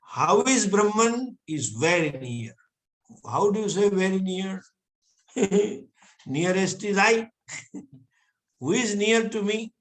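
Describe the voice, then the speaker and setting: A man from India, teaching a scripture class with patient explanations and frequent soft chuckles. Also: high-pitched, expressive, takes it slowly, long pauses. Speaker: Vedanta teacher. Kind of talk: scripture lecture.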